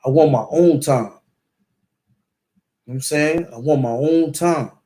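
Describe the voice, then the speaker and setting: A man's voice: fairly high pitch, measured pace, dark tone. A man from Brooklyn with a New York accent, telling a story in casual street slang and filling it with repeated words and sound effects. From East New York, Brooklyn.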